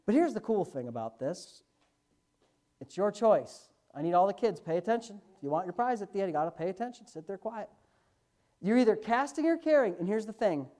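Man, pastor, sermon, animated pitch, emphatic, quick asides, loud drawn-out stresses.

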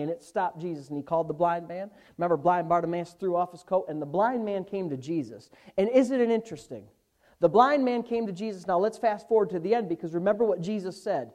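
A male pastor, preaching a Bible lesson, slowing down and swelling in volume when he quotes scripture. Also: high-pitched, mellow. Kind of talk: sermon.

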